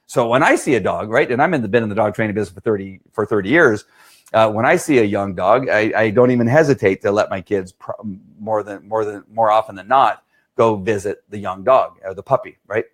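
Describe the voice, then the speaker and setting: A man's voice: lowish voice, fairly quick. A middle-aged man, a dog trainer, answering questions in a casual talk and often checking in with "right?". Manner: chatty, keeps asking "right?".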